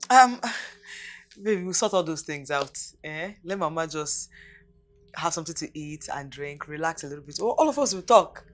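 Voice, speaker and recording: A woman's voice: low voice, animated, moderate pace, slight background noise. A young woman with a Nigerian accent playing a scheming daughter who coaxes and pleads with her mother in a film drama. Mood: coaxing. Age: young adult. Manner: coaxing, defensive.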